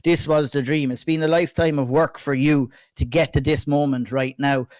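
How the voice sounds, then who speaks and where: An Irish man hosting a podcast and asking questions full of "like" and "kind of". His voice sits a little high and sounds close and dry. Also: steady tone, normal speed, darkish tone, dry recording. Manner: loose, filler-heavy questions. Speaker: podcast host. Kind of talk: interview questions.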